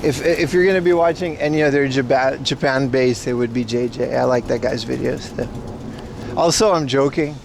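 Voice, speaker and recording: An IRL livestreamer chats casually with his viewers outdoors, rambling and joking playfully while he browses plants. His mid-range voice is gravelly and moves at a normal speed, with a noisy background behind him.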